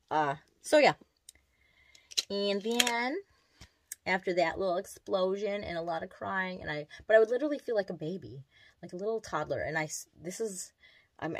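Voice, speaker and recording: A woman with a low, husky voice chats to camera in a casual, confessional vlog. She rambles and drifts between thoughts while she does her makeup at the mirror. The sound is dry and close. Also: dry recording. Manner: rambling, meandering, distracted while doing makeup. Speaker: vlogger. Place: at home in front of a mirror.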